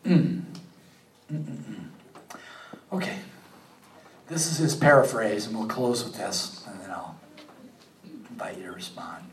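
A man preaching a sermon, animated, rising to emphatic peaks and then dropping low and quiet. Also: reverberant, distant mic, a little hiss or hum, poor audio. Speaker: pastor.

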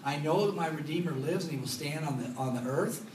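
A man preaching a Bible study sermon to a congregation, talking in a lively, joking way. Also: fairly high pitch, a little fast, background noise. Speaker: pastor. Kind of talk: expository Bible teaching. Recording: echoey room, mic at a distance.

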